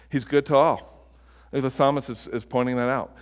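A man's voice: mid-range voice, steady tone, normal speed, muffled recording. Impassioned male pastor in a reverberant hall. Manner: impassioned, rising to near-shouting peaks, many restarts. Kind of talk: sermon.

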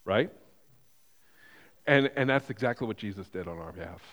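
A man's voice: fairly low pitch, normal speed. Preaching man in a reverberant hall. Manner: animated storytelling with frequent restarts. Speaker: pastor. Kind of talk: sermon. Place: church sanctuary.

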